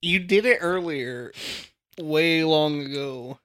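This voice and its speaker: Teasing male podcast co-host, slow talker. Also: on the high side, fairly bright tone. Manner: teasing, laughs often. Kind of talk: casual chat.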